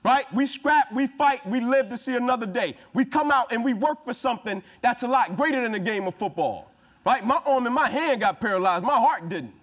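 A man's voice: very high voice, lively intonation, fairly quick, a bit bright. A man giving a punchy, emphatic motivational speech to a football team, repeating his phrases for emphasis. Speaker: motivational speaker.

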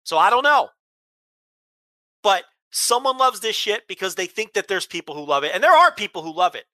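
A male podcast host in a blunt, exasperated rant, swearing freely. His voice is bright and sharp. The recording is dry and close. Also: high voice, expressive, fast, dry recording. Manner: blunt, profane, exasperated ranting. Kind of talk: casual chat, ranting.

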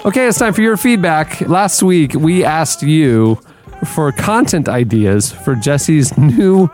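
A man's voice: on the high side, expressive, slow, a little mellow, soft background music. A man hosting a podcast, introducing segments in an upbeat announcer tone. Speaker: podcast host.

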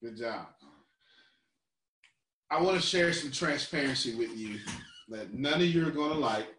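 A man's voice: mid-range voice, expressive, a little slow, a bit bright, reverberant, far from the mic, slight background noise. A man coaching a group, talking playfully and teasing, laughing often. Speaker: business coach.

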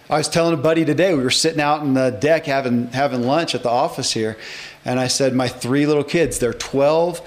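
A man in his forties hosting a podcast interview, talking with enthusiasm and reading passages aloud from a book. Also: mid-range voice. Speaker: podcast host. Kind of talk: casual interview chat.

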